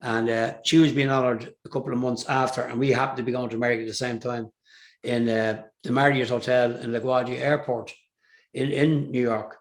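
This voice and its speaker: This older man from Ireland has an Irish accent and a medium-pitched, flat voice that moves a little fast. He's a singer in a casual storytelling interview, wandering through anecdotes with fillers and false starts.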